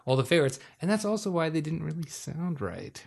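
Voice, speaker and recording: A man's voice: on the high side, big pitch swings, fairly quick, gravelly, a little mellow, slight background noise. A man in casual chat, laying out a theory in a chatty, easygoing way. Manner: chatty, laughing, explains a fan theory.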